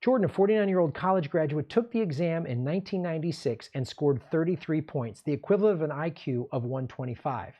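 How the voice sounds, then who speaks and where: A man's voice: a little high, quick pace, few pauses, dark tone, dull audio. A man hosting a political commentary show, ranting in an angry, sarcastic and profane way.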